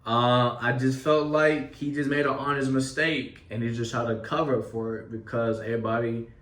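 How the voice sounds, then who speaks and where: A young man casually telling a story from his school days, animated and full of profanity and street slang. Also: mid-range voice, moderate pace, distant mic. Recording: echoey room, off mic.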